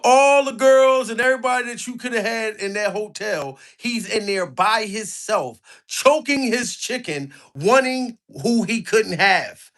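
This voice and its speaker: A man giving mocking, animated comic commentary on a clip and pushing viewers to like the video. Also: high-pitched, a little slow. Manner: animated, mocking, begs for likes. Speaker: commentary vlogger.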